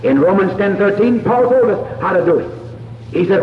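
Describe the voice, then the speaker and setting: A man preaching a sermon and giving an altar call, earnest and pleading, with slow deliberate phrasing. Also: high voice, animated, a little hiss or hum. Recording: dull lo-fi echoey hall from far off.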